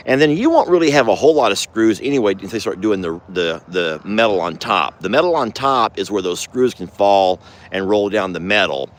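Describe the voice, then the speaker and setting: A man's voice: animated, normal speed. A man hosting a casual farm vlog, sweet-talking his animals. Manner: coos at animals in sweet, high baby talk. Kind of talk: casual chat.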